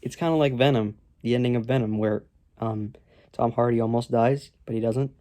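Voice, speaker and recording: A man's voice: mid-range voice, fairly even intonation, normal speed, dark tone. A man giving a casual, rambling film review full of sarcasm and ums, recorded at home on a camera propped on his legs.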